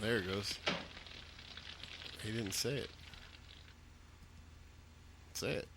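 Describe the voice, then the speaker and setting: A man's voice: on the low side, extremely slow, vocal fry, background noise. A man hosting a loose, profane comedy podcast chat. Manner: loose, profane, laughing often. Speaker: podcast host.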